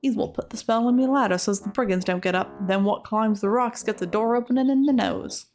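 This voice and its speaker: A woman's voice: on the high side, brisk, a little mellow, faint music behind, lightly acted. A woman voicing a chatty old male cave hermit who rambles in folksy dialect grammar, reading his lines in a put-on accent. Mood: cheery rambling.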